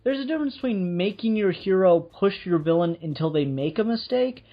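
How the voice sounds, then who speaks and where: A man's voice: high voice, animated, brisk. A man co-hosting a casual chat, retelling a myth in a rambling, profane way and laughing as he goes. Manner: rambling, profane, laughs while telling a story. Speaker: podcast co-host. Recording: dull lo-fi sound.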